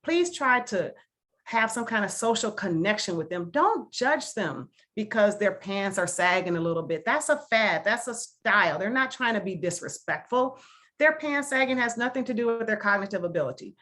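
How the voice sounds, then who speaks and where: A woman's voice: mid-range voice, animated, moderate pace, fairly bright tone. Milwaukee woman, guest speaker on a video call, earnest and emphatic, repeats her points for weight. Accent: Milwaukee, Wisconsin. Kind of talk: casual talk to a video call discussion.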